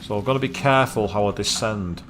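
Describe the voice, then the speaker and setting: A man's voice: fairly low pitch, fast, a bit bright, slight background noise. A man from Manchester, casually commenting while streaming a game, with chatty, wry asides. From Manchester, England. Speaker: let's play streamer.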